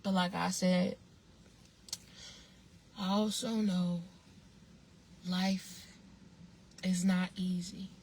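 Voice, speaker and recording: A woman's voice: on the low side, flat delivery, extremely slow, pauses often, a little mellow, slight background noise, poor audio. A woman vlogger telling a story in a casual monologue, blunt and emphatic, swearing freely and repeating phrases for emphasis.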